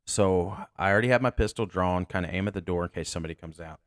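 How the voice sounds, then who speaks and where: Low-voiced, blunt, profane man. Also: fast, no room sound, studio quality. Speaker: sheriff's deputy and podcast host. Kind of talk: casual storytelling.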